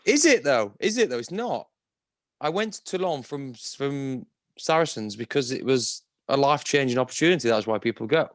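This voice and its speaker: A man's voice: medium pitch, animated, moderate pace. A man in his thirties from northern England, a guest in a casual interview, answering in a laid-back, wry way. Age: 30s. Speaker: guest, former rugby player.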